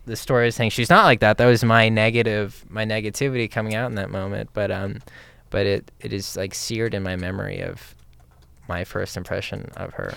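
A young man tells a story in a casual chat with his partner and gets animated, sometimes mimicking other voices. His voice sits fairly low with a gravelly edge, yet stays smooth and resonant. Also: brisk. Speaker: partner in a couple's conversation.

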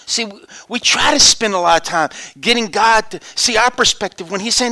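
Man, pastor, sermon storytelling, high voice, whispers then loud exclamations. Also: fairly quick, dry recording. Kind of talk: sermon with told stories.

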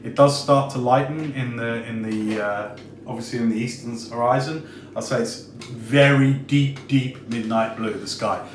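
A man's voice: mid-range voice, fairly even intonation, unhurried, a little hiss or hum. A man running a tabletop game as game master, describing scenes unhurriedly with many fillers. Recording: roomy echo, distant mic.

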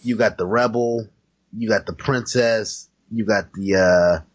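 A man's voice: lowish voice, a little slow, dull audio. A man co-hosting a podcast, chatting loosely about movies with plenty of profanity and fillers. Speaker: podcast co-host. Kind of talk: casual chat about movies.

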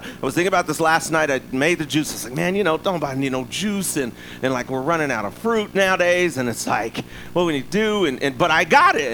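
Male pastor, slightly higher voice, easygoing sermon delivery, faint ambience behind. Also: bright, forceful tone, slight background noise, low-quality recording. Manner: conversational preaching with frequent "right?" asides.

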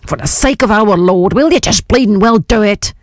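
A woman voicing a huge, gruff old male camp patriarch with a gravelly Mancunian accent, impatient and grumbling, in an audiobook reading. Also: mid-range voice, expressive, normal speed, no room sound, clean studio sound, voice pushed up, lightly acted.

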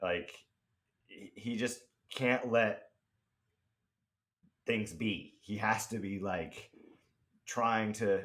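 A man co-hosts a film podcast in casual chat. His voice sits a little low, and he talks in halting, stop-start bursts while venting. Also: a bit bright. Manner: halting, many fillers and restarts, ranting. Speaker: podcast co-host.

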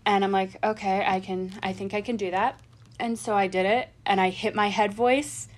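A woman's voice: mid-range voice, moderate pace. Chatty young woman telling a story. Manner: excited storytelling, swearing, laughing. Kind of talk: casual chat.

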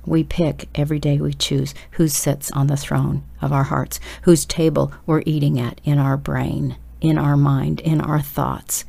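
A woman delivers a sermon in a low, gravelly voice. Her tone is dark and mellow, and she presses every point with urgent, emphatic exhortation aimed straight at her listeners. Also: little pitch movement, a little slow, few pauses. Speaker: preacher.

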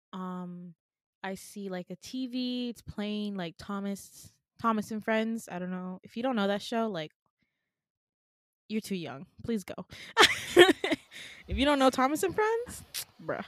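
A woman's voice: mid-range voice, smooth, dry recording, studio quality. A young woman co-hosting a podcast, casually telling a dream in a rambling way, full of fillers. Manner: rambling with many fillers and laughs. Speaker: podcast co-host.

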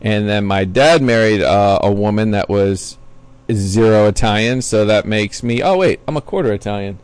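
Speaking at a normal pace, this former baseball player from Florida has a clear, resonant, slightly mellow voice on the low side. In his forties and a podcast guest, he tells stories in a loose, rambling interview style, constantly using fillers and starting over.

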